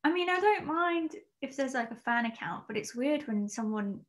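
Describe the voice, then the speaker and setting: A young British woman, an actress, chatting as a guest on a podcast in a soft, hesitant, modest way. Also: sits high, lively intonation, moderate pace. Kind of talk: casual interview chat.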